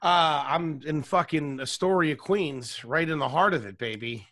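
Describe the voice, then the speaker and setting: Laid back guy on a video call, kinda high bright voice, joking and swearing. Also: measured pace. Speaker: podcast guest, comedian. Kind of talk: casual chat over video call. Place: apartment in Queens, video call.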